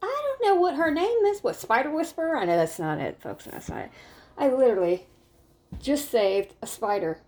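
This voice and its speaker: Woman vlogger talking off the cuff, rambling and excitable, repeats herself. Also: mid-range voice, a little hiss or hum. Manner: rambling, excitable, with frequent restarts and "literally". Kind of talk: casual talk to camera.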